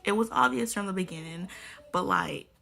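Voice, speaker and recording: A woman's voice: medium pitch, normal speed, vocal fry, pushed and bright. A young woman talking casually about a book she is reading, slangy and swearing freely as she rants. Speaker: book reviewer. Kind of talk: casual book review vlog.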